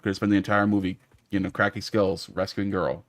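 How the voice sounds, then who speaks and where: A man's voice: lowish voice, level tone, fast talker, dry recording. A man chatting casually on a gaming stream, rambling wryly and searching for words. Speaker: co-player reading chat.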